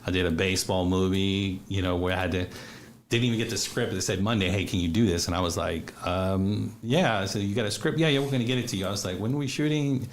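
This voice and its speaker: A man with a fairly low voice tells animated stories from film sets and laughs often. The interview is casual, with a faint hiss of background noise under his voice. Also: fast talker. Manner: animated anecdotes, frequent laughter. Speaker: actor and casting director, interview guest. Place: radio studio or streamed call.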